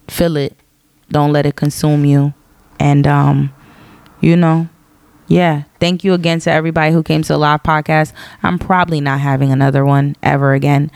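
A woman's voice: low-pitched, gravelly, no room sound. A woman in her thirties hosting her own podcast, talking casually and rambling, often breaking off her sentences, tired. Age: 30s. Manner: rambling, chatty, self-interrupting. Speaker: podcast host; high school teacher. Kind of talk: casual solo podcast monologue.

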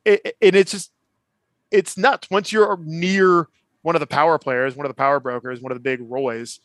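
A man chatting on a podcast about a TV drama, retelling scenes with quick acted-out lines from the characters. His voice sits a little higher than most men's. The sound is close and dry, with hardly any room around it. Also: fairly even intonation, fairly bright tone, no echo. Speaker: podcast co-host. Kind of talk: casual TV recap chat.

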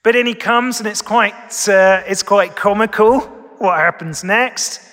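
A man's voice: high voice, measured pace, bright, forceful tone. A man preaching a casual, conversational sermon at Sunday worship, often asking his listeners questions. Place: church during Sunday worship. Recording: long reverb of a church hall.

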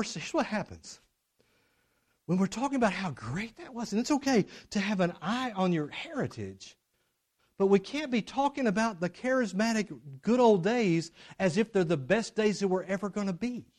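A middle-aged man preaching a sermon, swinging from loud, emphatic declarations to low, hushed drama. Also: lively intonation, a little fast. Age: middle-aged or older.

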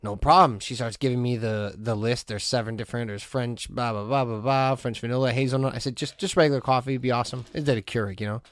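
A man co-hosting a podcast, telling stories in a casual chat and acting out other people's lines in sudden high voices. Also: fast, hardly any pauses, no room sound, studio quality. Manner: animated, acts out other people's voices with big pitch jumps. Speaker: podcast co-host.

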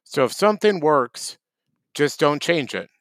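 A man's voice: a little high, big pitch swings, unhurried, fairly bright tone, no room sound. A man co-hosting a casual comedy podcast, arguing his points in a wry, mock-serious way. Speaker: podcast co-host.

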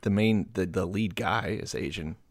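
A man's voice: deep voice, moderate pace, no room sound. A man co-hosting a casual chat, telling a rambling story with many restarts. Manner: rambling, restarts, self-correcting.

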